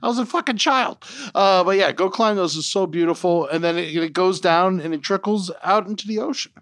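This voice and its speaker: A man's voice: high voice, brisk, fairly bright tone, no echo, studio quality. Rambling, joking young man in casual chat. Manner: rambling, profane, jokey. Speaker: podcast co-host.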